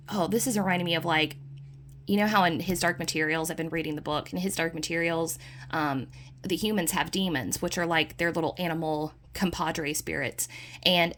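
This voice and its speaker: A woman's voice: fairly low pitch, a bit bright. A woman chatting her way through a tarot deck, enthusiastic and full of fillers. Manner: puts on playful dog voices in quotes. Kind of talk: casual deck flip-through.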